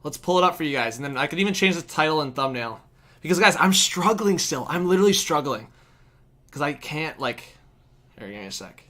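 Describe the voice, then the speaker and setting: A young man hosting a live hockey stream, calling plays excitedly and chatting casually with viewers. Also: on the high side, fairly quick. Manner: excitable, shouts at big plays, chats with viewers. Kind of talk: hockey play-by-play and chat.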